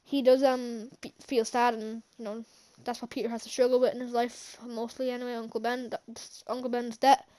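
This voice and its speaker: A woman's voice: fairly high pitch, level tone, moderate pace, few pauses, warm tone. A woman casually recapping a movie for her vlog, rambling with many fillers and restarts and chuckling now and then. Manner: chuckles often while recounting scenes. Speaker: channel host, film reviewer.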